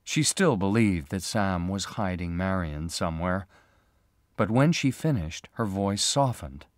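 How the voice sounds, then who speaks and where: A man slowly and clearly reading a graded story for English learners, with expressive delivery. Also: low-pitched, no room sound, clean studio sound. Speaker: narrator.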